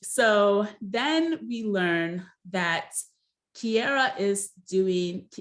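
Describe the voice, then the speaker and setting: A woman's voice: mid-range voice, expressive, takes it slowly. A young woman casually recapping a reality show episode, chatty and hesitant, with frequent ums and restarts. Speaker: recap host.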